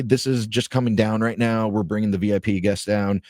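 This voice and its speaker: A man's voice: lowish voice, fairly quick, a little mellow, no echo, clean studio sound. A man co-hosting a podcast, telling a story casually and animatedly, swearing freely and acting out what people said. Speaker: podcast co-host.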